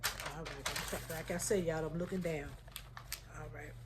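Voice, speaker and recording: A woman's voice: low voice, fairly even intonation, normal speed, very noisy. Heartfelt woman vlogging. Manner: heartfelt, addresses viewers as y'all. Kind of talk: emotional casual chat to viewers.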